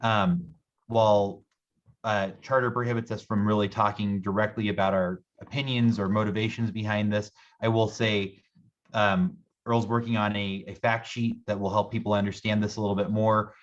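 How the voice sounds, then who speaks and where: A man presenting a city budget at a public meeting, talking rapidly with many repeated words and restarts. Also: lowish voice, flat delivery, dull audio.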